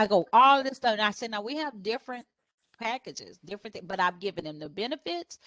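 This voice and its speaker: A woman photographer sharing business advice on a panel. She tells stories and acts out her customers' questions in a higher voice, laughing often. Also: quick pace, no echo. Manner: lively storyteller who acts out customers in a higher voice; laughs often while talking.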